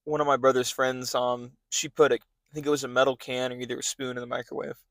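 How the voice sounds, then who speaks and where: Speaking at a quick pace, a young man hosts a podcast in a mid-range, fairly bright voice with little pitch movement, recorded with no room sound. The talk is loose and rambling, filled with fillers and many restarts.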